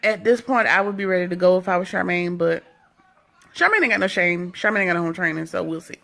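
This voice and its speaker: A woman's voice: fairly low pitch, lively intonation, quick pace, gravelly, a bit bright. A woman chatting casually as she recaps a reality TV episode, full of sassy, gossipy asides.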